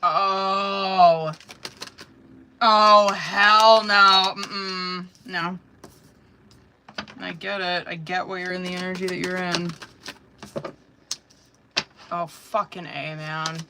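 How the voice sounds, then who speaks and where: A woman's voice: fairly low pitch, flat delivery, takes it slowly, long pauses, a bit bright, slight background noise. A woman giving a live-stream tarot reading, talking bluntly and animatedly with lots of swearing and slang. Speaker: tarot reader.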